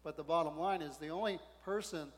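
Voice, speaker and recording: A male pastor preaching a sermon in a conversational, animated way, often asking the congregation questions. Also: on the high side, fairly quick. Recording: long hall reverb.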